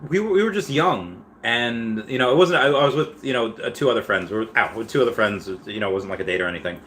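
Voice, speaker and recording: A man in his thirties chats his way through a live stream at a mid pitch. He reads viewer messages aloud and rambles loosely from one topic to the next. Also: animated, fast talker, fairly bright tone, a little hiss or hum. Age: 30s. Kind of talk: casual live-stream chat.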